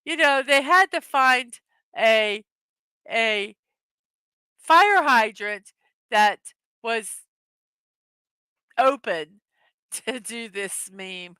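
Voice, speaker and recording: A woman's voice: fairly high pitch, animated, extremely slow, long pauses, sharp tone, clear, resonant tone, dry recording. A middle-aged woman hosting a casual morning show, chatting and laughing often as she reads out jokes. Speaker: host of a daily morning show. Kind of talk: casual chat reading memes to a live audience.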